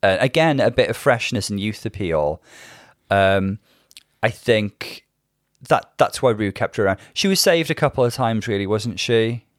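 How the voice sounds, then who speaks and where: Low-voiced man, thoughtful chat. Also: lively intonation, moderate pace, dry recording, studio quality. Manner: thoughtful, analytical, hedging. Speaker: podcast co-host. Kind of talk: casual chat.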